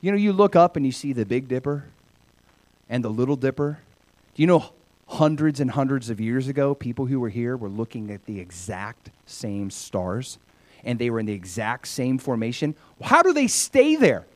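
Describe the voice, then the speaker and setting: A male pastor preaching a sermon in a conversational, animated way, swinging between loud, bright lines and soft, hushed ones. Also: medium pitch, moderate pace.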